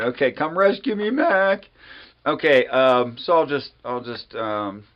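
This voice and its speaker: A man hosting a solo livestream on religion, talking casually and unhurriedly with many pauses and fillers, sometimes wry. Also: on the low side, clear, resonant tone, lo-fi sound. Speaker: livestream host.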